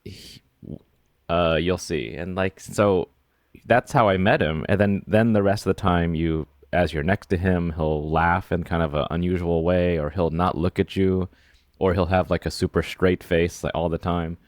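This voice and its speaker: A man co-hosting a podcast, telling stories in an animated, exasperated way, with frequent restarts and laughs. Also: sits low, normal speed, no room sound, studio quality. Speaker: podcast co-host. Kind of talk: casual book discussion.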